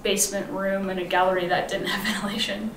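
A woman's voice: medium pitch, flat delivery, quick pace, fairly bright tone, slight background noise. A woman guest chatting casually in an interview, laughing often and filling her talk with "like". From grew up mostly in the United States. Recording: echoey room, mic from far off.

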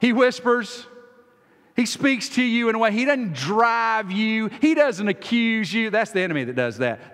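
A man preaching a sermon as pastor, folksy, acting out quoted voices and swinging from loud to soft. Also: high-pitched, animated, moderate pace. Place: church sanctuary. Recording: long hall reverb.

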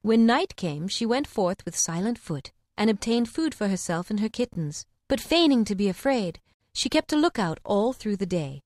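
A woman narrating an audiobook of fables with clear, expressive storytelling. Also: mid-range voice, moderate pace, no echo, clean studio sound.

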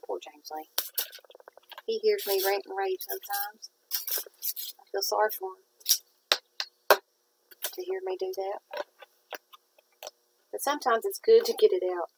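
A woman's voice: fairly high pitch, sing-song, slow pace, gravelly, long pauses, background noise. A woman, chatting casually and rambling in a folksy way while she works on a craft project. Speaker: craft vlogger.

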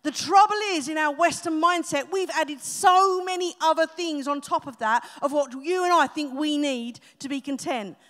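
A woman's voice: high-pitched, moderate pace, few pauses, a bit bright. A woman pastor, preaching a live sermon with emphasis and humorous asides. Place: church auditorium, live congregation. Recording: reverberant live church hall.

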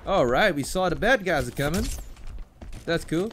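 A man giving excited, shouty commentary while playing a video game. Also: high voice, moderate pace. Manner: shouty, excitable, yelling bursts. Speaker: gameplay channel host. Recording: game music playing behind the voice.

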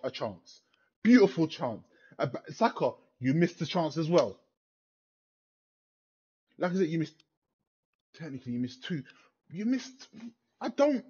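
A young man vents his fury after a football match, swearing and circling back to the same questions. His voice sits a little high and husky. The sound is dull and lo-fi, like a cheap home mic. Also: darkish tone. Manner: furious, swearing heavily, repeating himself. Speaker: football fan vlogger. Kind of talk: angry post-match rant.

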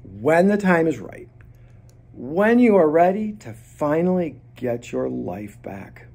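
A man's voice: fairly high pitch, sing-song, takes it slowly, vocal fry, a little mellow, slightly rough. A man, a lawyer, explaining a legal topic in a casual, conversational way, with a Minnesotan accent. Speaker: bankruptcy lawyer.

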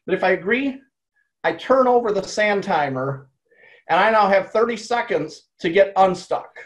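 A man's voice: high-pitched, animated, moderate pace, low-quality recording. A man, an author, explaining and dictating a story live to an audience, speaking his punctuation aloud.

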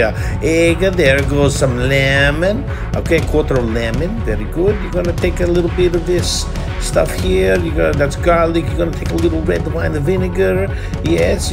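A man's voice: a little high, vocal fry. A man hosting a home cooking video, casually talking through each step with frequent "uh" fillers, in a home kitchen. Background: background music.

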